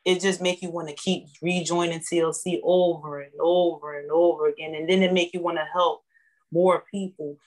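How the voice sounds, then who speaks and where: A woman, sharing an emotional testimonial. She speaks in a heartfelt, animated way and repeats her points for emphasis. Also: on the low side, moderate pace, poor audio. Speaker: guest, network marketing member.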